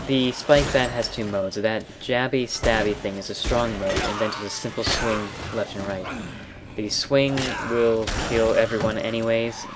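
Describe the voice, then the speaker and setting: A man casually commenting on a video game as he plays, explaining in a relaxed way with wry asides. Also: fairly low pitch, background noise. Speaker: let's play commentator. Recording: game audio with gunfire mixed under voice. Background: clear game sounds and gunfire.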